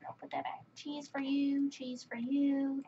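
A woman's voice: high-pitched, little pitch movement, unhurried, dark tone, a little hiss or hum. A woman giving casual, chatty running commentary while playing a game, often exasperated with other players. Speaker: gaming channel host. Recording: dull lo-fi mic with faint keyboard clicks.

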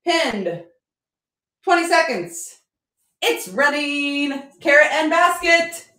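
A chatty, upbeat woman runs a live auction stream, her voice bright in pitch and bouncing all over the place. She jokes as she sells, and the room around her rings with a noticeable echo. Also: animated, slow pace. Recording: roomy echo.

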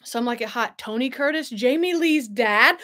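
A woman's voice: fairly high pitch, animated, normal speed, pushed and bright. A young woman hosting a casual livestream, bubbly and chatty, laughing often and answering viewers. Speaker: host.

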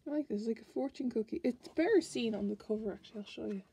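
A woman's voice: fairly high pitch, quick pace, dark tone, slightly rough. An Irish woman chatting casually as she flips through a card deck, musing aloud and restarting her sentences. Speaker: tarot card reviewer.

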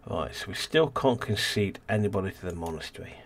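A man's voice: low-pitched, expressive, fairly quick. A man casually commentating a city-building game as host, rambling and thinking aloud, tired and yawning. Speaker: let's play host.

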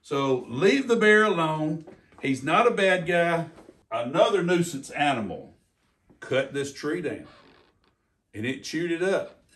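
An older man, a retired game warden giving a folksy, animated talk about wildlife for kids. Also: a little high, slow pace, recorded from a distance.

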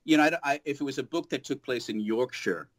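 A man talking as a guest voice actor in a casual interview, thoughtful and animated, with frequent restarts. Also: medium pitch, fast.

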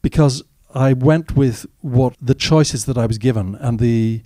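A man's voice: medium pitch, unhurried, warm tone, dry recording, studio quality. A man, an actor as guest, telling candid, wry anecdotes in a live audience Q&A at a cinema. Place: cinema stage after a screening.

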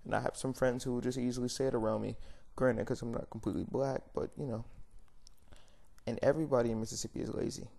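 Mid-range, creaky, and dark in tone, this young man's voice stays steady as he talks fast. He's a vlogger giving an unscripted, blunt, rambling rant to camera, with many fillers and corrections.

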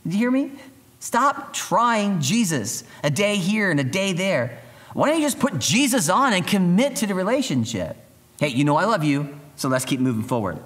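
A man preaching a youth sermon as pastor, talking in a lively, conversational way and acting out the voices of people in the story. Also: high voice, normal speed.

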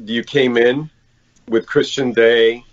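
Slow-talking guy hosting a podcast, gushing praise, kinda muffled call sound. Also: medium pitch, fairly even intonation. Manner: warm effusive praise, halting repeats. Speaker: podcast host. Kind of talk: casual podcast chat. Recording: dull lo-fi call audio.

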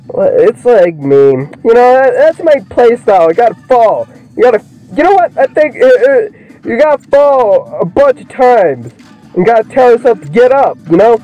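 A high-voiced young man with a swooping, lively delivery, cursing nonstop and shouting at a video game. His tone is mellow and soft-edged, and the recording is muffled and lo-fi, with game music under it. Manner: excitable, swears constantly, yells at the game. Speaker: gaming video creator. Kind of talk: let's play commentary.

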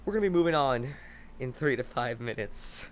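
A young man streaming a video game, commenting excitedly and rambling with frequent laughs. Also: mid-range voice, moderate pace, a little hiss or hum. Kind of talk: gaming commentary.

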